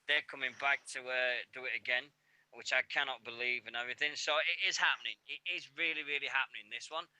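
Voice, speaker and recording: A man's voice: mid-range voice, steady tone, fast talker, sharp tone, clear, resonant tone, no room sound. Chatty Yorkshire man on radio. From Yorkshire, England. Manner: chatty, rambling, jokey banter. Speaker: radio show co-host. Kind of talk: casual radio chat.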